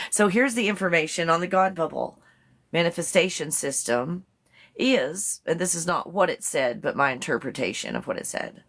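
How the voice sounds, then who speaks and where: Woman, live-stream host, rambling casual talk, slightly low voice, quick to laugh. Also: animated, a bit bright. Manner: chatty, rambling, laughs often.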